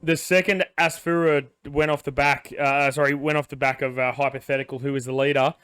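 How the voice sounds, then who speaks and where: A man co-hosting a sports podcast, telling stories in an animated, playful way. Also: medium pitch, a little fast, clean tone. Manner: animated storyteller, playful banter. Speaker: podcast co-host. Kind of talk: casual sports chat.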